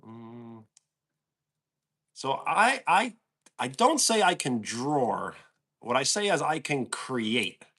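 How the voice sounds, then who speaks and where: A man with a New York accent hosts a relaxed livestream and answers his viewers' comments as they come in. He talks slowly and easily, and his pitch rises and falls a lot. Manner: easygoing, answers chat questions aloud. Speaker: livestream host. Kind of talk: casual chat reading out viewer comments.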